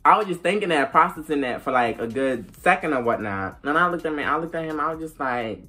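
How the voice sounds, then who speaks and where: A woman's voice: deep voice, fast. Young woman telling a profane storytime. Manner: animated, profane, acts out quoted dialogue. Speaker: vlogger. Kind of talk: casual storytime.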